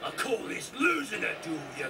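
A man's voice: very high voice, sing-song, fairly quick, distant mic, a loud crowd. An actor with a Cockney accent playing a sniveling, scheming male orc for a game trailer, whiny and cackling. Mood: sly. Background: loud trailer music.

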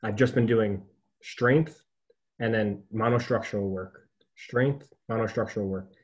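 A man's voice: lowish voice, a little slow, muffled recording. Chatty male podcast host. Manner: chatty, storytelling, laughs often. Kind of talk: casual conversation.

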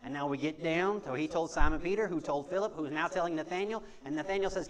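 A man's voice: a little high, quick pace, a crowd in the background. A man preaching a sermon to a congregation in a church, talking conversationally, repeating key phrases and asking the room questions. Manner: conversational, repetitive preaching with call-and-response. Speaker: pastor. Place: church sanctuary before a congregation.

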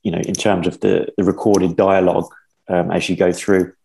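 A man with a very low voice, chatting as a podcast guest. He talks in a loose, hesitant way, stopping and restarting his phrases and padding them with fillers. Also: flat delivery, normal speed, vocal fry, a little mellow. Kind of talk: casual conversation.

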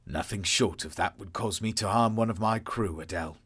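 A man's voice: fairly low pitch, fairly quick, a bit bright, husky. A man playing an angry, proud male commander who firmly denies blame. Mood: defiant. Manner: firm, defiant.

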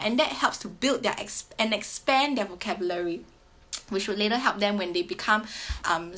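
Bright, chatty woman with "right?" tags. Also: mid-range voice. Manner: chatty, ends many sentences with a questioning "right?"; sing-song teacher-like way of talking. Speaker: parent sharing reading tips. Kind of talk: casual explanatory talk to camera.

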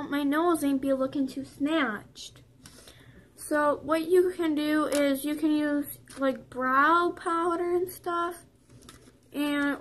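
A young woman talks through a tongue-in-cheek beauty tutorial, high in pitch and taking her time over every word. She rambles playfully, restarts her sentences and jokes as she goes. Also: fairly bright tone. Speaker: vlogger.

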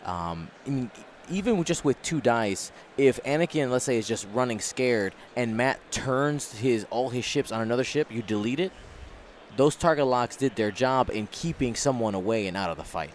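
A man co-commenting on a tabletop game match in a relaxed, casual way, thinking out loud. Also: medium pitch, normal speed, slight background noise. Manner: relaxed, thinks aloud with restarts.

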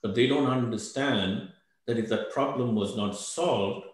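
A man's voice: medium pitch, a little slow. Older man in a very echoey room. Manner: hesitant, repeats words, ends points with "right?". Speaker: panelist. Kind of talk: webinar panel discussion.

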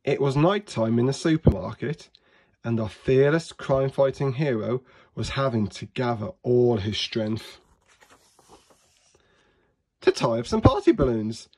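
Man, teacher, children's story read-aloud, clear, expressive, medium pitch. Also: a little slow, pauses often, a little hiss or hum.

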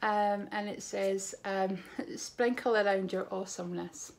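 A woman's voice: mid-range voice, fairly even intonation, a little slow, gravelly. A Scottish woman vlogging from home, chatting to camera in an effusive, storytelling way. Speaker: beauty vlogger. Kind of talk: casual chat to camera.

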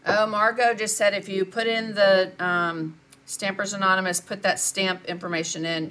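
A woman's voice: lowish voice, a bit bright. An older woman, chatting through a live painting lesson and answering viewers as she works. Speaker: art instructor.

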